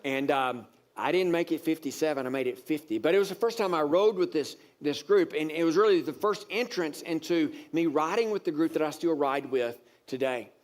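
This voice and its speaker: A pastor delivers a sermon built around a personal story, his speech full of fillers and repeated words as he becomes more animated and exasperated, pressing harder on each point. His voice sits a little high, and he talks a little fast with few pauses.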